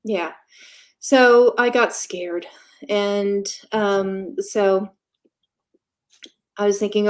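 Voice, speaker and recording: A woman telling her own story as an interview guest, candid and matter-of-fact, pausing often and filling gaps with ums. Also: mid-range voice, steady tone. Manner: halting, with frequent pauses and fillers. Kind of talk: casual conversational storytelling.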